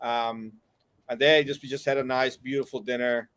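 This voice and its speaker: A man's voice: medium pitch, flat delivery, normal speed, a bit bright, dry recording. A man in his fifties, co-hosting a casual chat over a video call, boastful and swearing freely. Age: 50s. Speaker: co-host. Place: on the road, remote.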